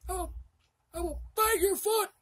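A woman playing a bossy, toothless old grandfather who scolds loudly. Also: very high voice, moderate pace. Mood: scolding. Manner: scolding, shouty.

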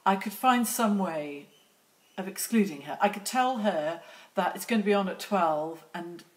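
Lady artist going live on her phone, slow easy pace, teasing her viewers by name. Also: mid-range voice, animated. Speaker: artist hosting a live stream. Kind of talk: casual live-stream chat greeting viewers. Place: outdoors near lambs.

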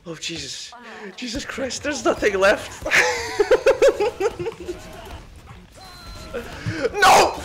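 Guy doing a celeb impression, gravelly, pitch swoops all over, rambly and self-mocking. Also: a bit bright, exaggerated voice. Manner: meandering, self-mocking, easily sidetracked. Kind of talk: gameplay commentary in an impression voice.

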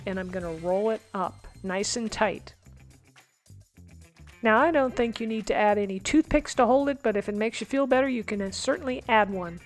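A woman hosting a home cooking demonstration in an upbeat way, throwing in corny chef jokes. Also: mid-range voice. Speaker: cooking show host.

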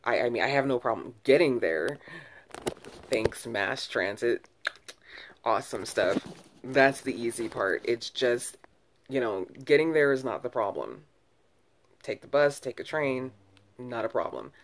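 A woman's voice: rumbling low, animated, measured pace, long pauses, background noise. A woman vlogger talking to camera in a loose, candid ramble, full of restarts and self-corrections, with sighs between thoughts. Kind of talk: casual early-morning ramble to camera.

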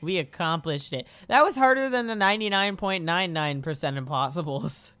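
A young woman commentating on a video game, excitable and giggly, yelping and shouting at what happens on screen. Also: on the low side, moderate pace, smooth, no room sound, faint music behind. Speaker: let's play host.

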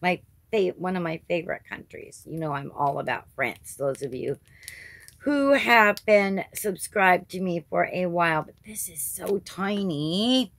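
A woman's voice: on the low side, animated, a little slow, vocal fry. A woman hosting her crafting channel, chatting casually through an unboxing and gushing over each item with little gasps.

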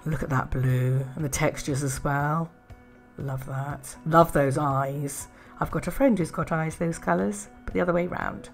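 A woman chatting casually in a craft haul video, gushing with soft admiring murmurs and little laughs. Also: deep voice, steady tone, a little slow, faint music behind. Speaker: art and craft vlogger.

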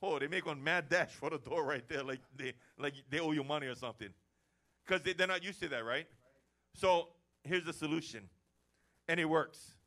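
A man preaching a lively sermon to his church, acting out everyday chats as he goes. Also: on the high side, moderate pace. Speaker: pastor. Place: church service.

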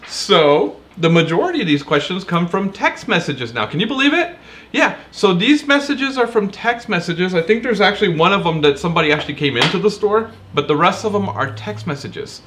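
A man's voice: sits high, fairly quick. A man from Texas, co-hosting a casual question show in a playful, teasing way. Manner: upbeat, teasing, lively intonation. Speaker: co-host of a store's question show. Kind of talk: casual chat.

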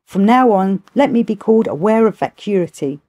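Lady voicing a cheeky monkey pupil, earnest and humble, mellow warm voice. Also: mid-range voice, lively intonation, normal speed, lightly acted. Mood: delighted.

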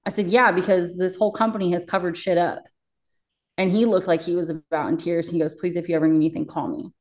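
A woman's voice: lowish voice, steady tone, fast talker, a little mellow. A young woman paramedic recounting her experiences in an interview, bluntly and emotionally, with frequent swearing. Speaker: paramedic guest. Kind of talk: candid interview storytelling.

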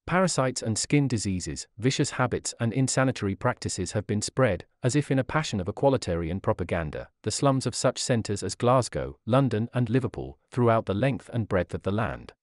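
A man reading a nonfiction audiobook aloud as narrator, with an expressive, pointed delivery and a sardonic edge. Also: on the low side, fairly quick, few pauses, no echo, studio quality.

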